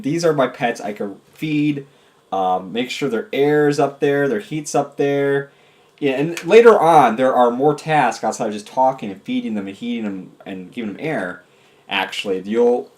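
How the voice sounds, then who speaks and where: A man giving casual, goofy commentary over a game, talking to and yelling at his virtual pets. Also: medium pitch. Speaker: gameplay commentator.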